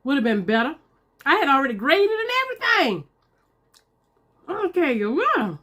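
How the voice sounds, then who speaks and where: A woman's voice: sits high, big pitch swings, normal speed, fairly bright tone. Chatty woman eating on camera. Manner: chatty, talks to viewers as y'all, Southern US slang. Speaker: mukbang vlogger. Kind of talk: casual chat while eating.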